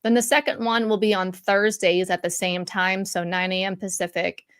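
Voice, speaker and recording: A woman's voice: medium pitch, level tone, moderate pace, smooth, no echo, clean studio sound. A middle-aged woman hosting a live stream in a casual, rambling way, with lots of fillers and restarts. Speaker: YouTube live stream host. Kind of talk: casual live-stream chat reading comments. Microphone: studio mic for content creation.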